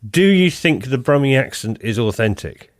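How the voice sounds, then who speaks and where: A man hosting a podcast in casual chat, lively and jumping up in pitch to make a point. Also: moderate pace, no room sound, clean studio sound. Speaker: podcast host.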